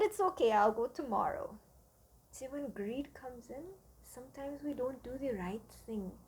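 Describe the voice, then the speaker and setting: A woman teaching children with a story, gentle and often dropping to hushed asides. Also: fairly high pitch, a little hiss or hum.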